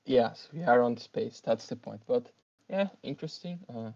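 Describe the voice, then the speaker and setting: Halting non-native man, dull sound. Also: mid-range voice, expressive, vocal fry, a little mellow. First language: not English. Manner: halting, searching for words. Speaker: player. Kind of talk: casual chat.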